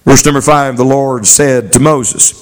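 A man's voice: unhurried, low-quality recording. A man preaching a sermon as a traveling preacher, leading the congregation in call-and-response. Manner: animated, swooping pitch for emphasis.

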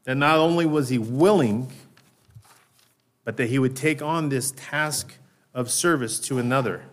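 A man preaching a sermon in a conversational way. He often checks in with "right?", slows down on key words and raises his voice to act out lines. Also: medium pitch. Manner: raises his voice when acting out Peter's lines. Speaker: pastor.

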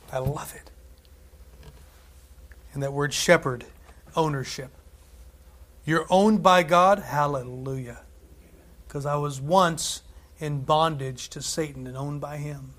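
Emphatic preacher with a high voice. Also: male voice. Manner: emphatic, lifts voice and slows on scripture; conversational asides and tag questions. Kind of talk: sermon.

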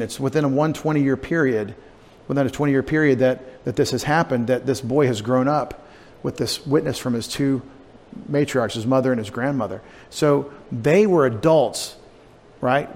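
A pastor giving a conversational, digressive sermon, with asides and restarts. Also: male voice, medium pitch, a little mellow. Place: church sanctuary. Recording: long church reverb, faint room noise.

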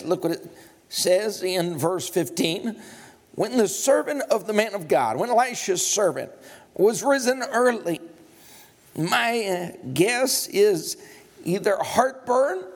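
A male preacher delivering a sermon, retelling a scripture story with humor and acting out the dialogue. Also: high voice.

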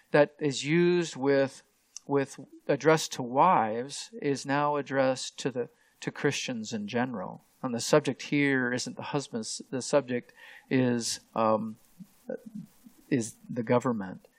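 A man's voice: medium pitch, takes it slowly, dry recording. A man preaching an expository sermon as a pastor, explaining the text step by step and pressing hard on key words. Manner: explanatory, with frequent restarts and stressed key words.

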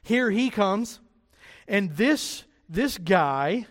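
A man preaching a sermon as pastor, animated and lively, acting out the voices of the people he quotes. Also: sits high, extremely slow, big-room sound. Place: church sanctuary.

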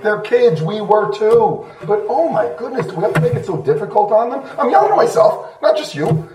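A man's voice: high-pitched, a little mellow, roomy sound, distant mic, a little hiss or hum, low-quality recording. A middle-aged man preaching a sermon as pastor, in a conversational, self-deprecating way with sudden bursts of emphasis.

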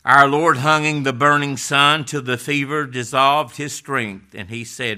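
A middle-aged man preaching a sermon, swinging between loud passionate stretches and hushed, almost whispered words. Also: mid-range voice, steady tone, unhurried.

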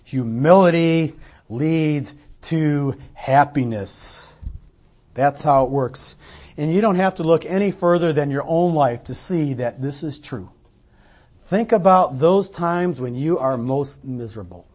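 Lively preaching man, muffled recording. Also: on the high side. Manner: conversational preaching with acted-out quotes. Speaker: pastor. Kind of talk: sermon. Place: church sanctuary.

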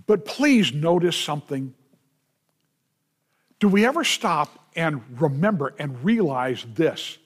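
A man with a high voice preaches slowly and deliberately. He leans on repeated refrains and asks his listeners rhetorical questions, pressing each point home. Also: animated, husky. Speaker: pastor. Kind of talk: sermon.

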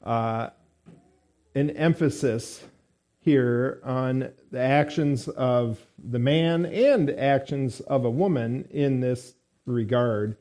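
A male preacher delivers a morning sermon at an unhurried pace. His voice is warm and mellow, and he pauses often and fills gaps as he works through his points. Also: medium pitch. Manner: measured, halting delivery with fillers.

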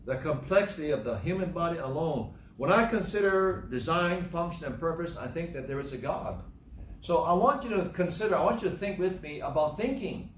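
A man with a somewhat high voice lectures on consequences, piling up repeated phrases and dry sarcasm. He sounds set back from the mic in a roomy space. A faint hiss runs underneath. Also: animated, a little fast, far from the mic. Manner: repetitive, emphatic storytelling; sarcastic asides. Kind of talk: moralizing talk commentary.

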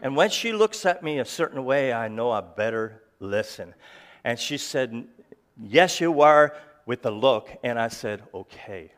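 A man's voice: mid-range voice, expressive. A man giving a personal talk to a live audience, telling jokes and stories in a hesitant, slightly slurred way, with many restarts and fillers. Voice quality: slightly slurred, halting speech. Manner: jokey storytelling. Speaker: ministry founder giving a talk.

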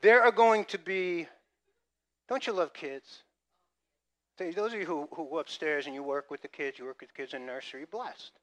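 A man's voice: on the high side, moderate pace, fairly bright tone. A middle-aged male pastor preaching a sermon, telling jokes and acting out funny stories from his own life. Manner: storytelling with jokes and acted-out gasps.

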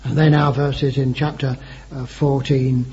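A man's voice: medium pitch, little pitch movement, measured pace, dark tone, slightly rough. A man preaching an earnest sermon, building to emphatic rising phrases with frequent hesitations and repeated words. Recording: dull lo-fi sermon recording.

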